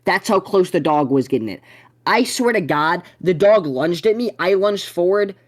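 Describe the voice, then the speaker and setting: A young man hosting a podcast, telling a story in a profane, excitable way. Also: high-pitched, normal speed. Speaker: podcast host.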